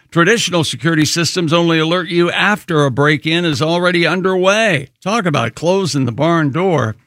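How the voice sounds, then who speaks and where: A man with a fairly high voice reads a home security ad live on air with a playful, boastful tone. The sound is close and dry, with no room around it. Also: fairly bright tone, no echo. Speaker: radio show co-host. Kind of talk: radio banter and live-read ad.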